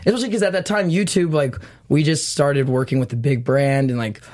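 Animated laughing man telling stories. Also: a little high, a little fast. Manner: animated storyteller, laughs often, acts out others' lines. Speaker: guest, dancer. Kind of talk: casual interview chat.

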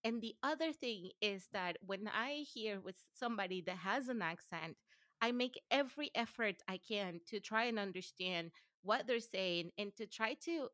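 A woman from Venezuela, a native Spanish speaker, talking as a podcast guest in a relaxed, reflective way, with a Spanish-influenced English accent that carries a slight South African touch and many "like"s. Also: mid-range voice, normal speed, dry recording, studio quality. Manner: relaxed and reflective, says "like" often, laughs easily. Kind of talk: casual interview conversation.

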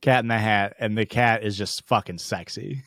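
A man's voice: lowish voice, steady tone, normal speed, a bit bright, no room sound, clean studio sound. A man co-hosting a podcast, trading jokes and laughing often in casual banter. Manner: joking, riffing, laughs often. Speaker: podcast co-host.

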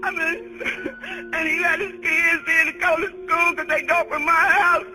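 A middle-aged woman calling emergency services, crying and panicked, pleading and breaking into shouts. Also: extremely high pitch, unhurried, rough recording. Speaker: 911 caller, the baby's great-aunt. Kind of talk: frantic emergency phone call.

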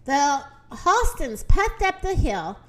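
A woman reading a children's story aloud in an expressive, dramatic way. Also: high voice, slow.

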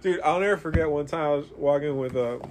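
A man, telling stories in a profane, animated way while hanging out at a comic shop. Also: a little high, quick pace, a little hiss or hum. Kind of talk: casual chat.

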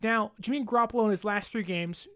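A woman's voice: medium pitch, quick pace. Exasperated woman ranting about football. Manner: exasperated, slangy, repeats herself for emphasis. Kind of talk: heated sports commentary rant.

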